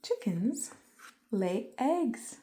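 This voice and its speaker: Slow, soft-spoken woman teaching toddlers. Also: fairly high pitch, sing-song. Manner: gentle, soft-spoken, often half-whispered; playful animal-sound imitations. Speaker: children's educator. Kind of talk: calm lesson for small children.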